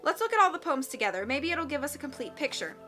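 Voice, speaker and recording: A woman's voice: high-pitched, sing-song, quick pace, bright, forceful tone, faint music behind, pitched above the performer's own voice, heavily acted. A woman voicing a practical, inventive older sister in a read-aloud story.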